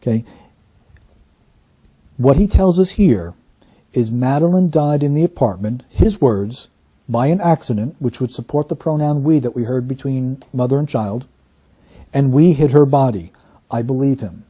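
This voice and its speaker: A man working as a statement analyst, giving deliberate, teacherly commentary. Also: medium pitch, expressive, mellow, husky. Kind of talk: explanatory commentary.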